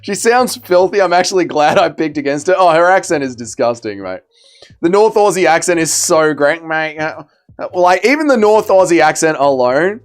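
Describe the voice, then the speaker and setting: Smooth-voiced man hosting a fight stream. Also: on the high side, lively intonation, normal speed. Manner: bantering, reads out chat messages, swears freely. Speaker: livestream host. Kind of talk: casual livestream chat reacting to fights.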